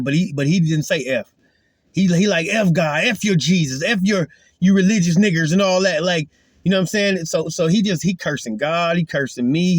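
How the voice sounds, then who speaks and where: A man's voice: a little high, dry recording, studio quality. A man giving an earnest, emphatic spoken testimony as a Christian, retelling a confrontation in casual talk.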